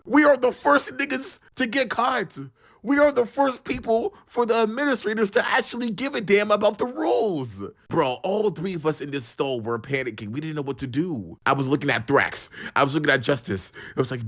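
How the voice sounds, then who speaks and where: A young man telling a casual storytime in an animated, slangy way, swinging from loud and excited to hushed. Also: high voice, a little fast.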